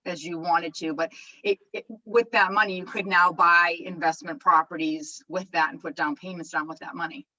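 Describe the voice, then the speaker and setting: A woman's voice: on the low side, fairly even intonation, normal speed, bright, forceful tone, muffled recording. A woman taking part in a training call, chatting casually and sharing her own experience. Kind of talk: casual chat.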